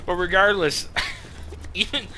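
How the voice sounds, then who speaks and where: A man's voice: sits high, takes it slowly, pushed and bright, slight background noise. A young man casually commenting while he plays a game, swearing often and laughing at his own jokes. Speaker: streamer playing a game.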